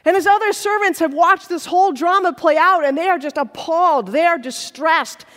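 A woman preaching a sermon in a large hall, telling the story in an animated, playful way. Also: extremely high pitch, moderate pace. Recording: long hall reverb.

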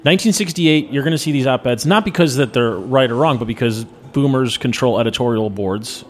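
A man's voice: medium pitch, brisk. A man in his thirties hosts a podcast in loose, casual chat. He talks bluntly and opinionatedly, spinning his points into jokey rants. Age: 30s. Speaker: podcast host.

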